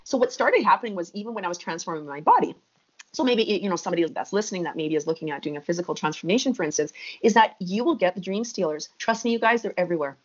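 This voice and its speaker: A woman's voice: on the low side, expressive, fast talker, highs cut off. A woman guest on a podcast interview, talking emphatically and with energy, full of fillers.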